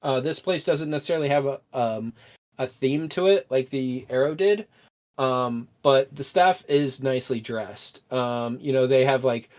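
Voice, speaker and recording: A man's voice: medium pitch, normal speed, a little mellow. A man narrating a tabletop role-playing game as game master, rambling with many fillers.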